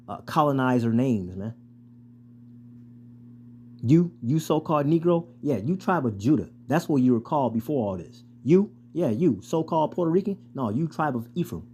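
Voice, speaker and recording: A man casually preaching and reading scripture aloud, with profane, street-style, animated talk. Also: mid-range voice. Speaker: scripture teacher.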